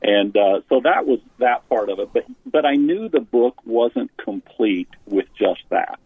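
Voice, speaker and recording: This author and pastor, heard over a phone-line connection in a dry recording, talks about church leadership in an interview. His medium-pitched voice is gravelly and husky, animated yet unhurried, and he keeps restarting as he earnestly makes his case.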